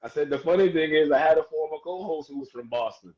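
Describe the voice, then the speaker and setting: Male DJ guest, animated and chatty, muffled lo-fi sound. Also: on the high side, fast. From United States. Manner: animated, laughs often, gives shout-outs. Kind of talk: casual live-stream interview.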